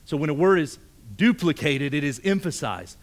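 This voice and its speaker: A male pastor preaching a sermon, emphatic, often repeating words, moving between strong raised passages and hushed near-whispered lines. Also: on the high side, expressive, normal speed. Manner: emphatic, rising to forceful peaks then dropping to hushed near-whispers; repeats words when stressing a point.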